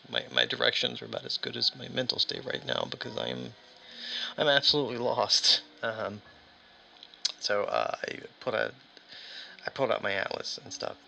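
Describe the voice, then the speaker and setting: Casting: a man as a lost, worn-out trucker calling home, halting and stammering, gravelly and bright. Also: mid-range voice, highs cut off, slight background noise, full character voice. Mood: lost, rambling. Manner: halting and stammering, with nervous laughs. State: exhausted and aching. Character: lost, shaken long-haul trucker man calling his dad. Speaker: solo tabletop game player. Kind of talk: first-person in-character monologue.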